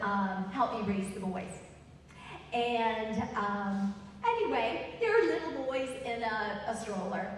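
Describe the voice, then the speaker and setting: A woman telling comic family stories on stage in an animated way. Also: a little high, slight background noise. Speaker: storyteller. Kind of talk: stage storytelling. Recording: echoey hall, distant mic.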